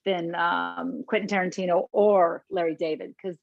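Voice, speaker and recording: A woman actress chats as a guest, spinning animated stories and slipping into the voices of the people she quotes. Her voice is husky and breathy. The recording is dry and a touch dull. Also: lowish voice, normal speed, dry recording. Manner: animated, acts out quotes of others. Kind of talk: casual anecdotal storytelling.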